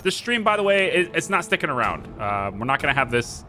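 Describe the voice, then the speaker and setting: A man's voice: on the high side, very animated, a little fast, pushed and bright, slight background noise. A man streaming a game, chatting and joking as he thinks aloud through his moves. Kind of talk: casual let's-play commentary. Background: game music.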